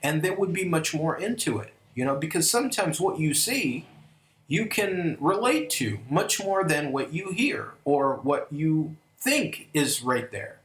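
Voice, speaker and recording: A man's voice: on the high side, big pitch swings, a little slow, a bit bright. A man reviewing an old wrestling event, talking casually and enthusiastically, with many fillers and restarts. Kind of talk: casual video review commentary. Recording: echoey room.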